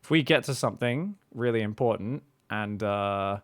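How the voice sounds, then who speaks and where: A man's voice: fairly low pitch, moderate pace. A man who coaches a strategy game over a voice call, talking casually, laughing often and swearing now and then. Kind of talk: casual coaching chat on stream.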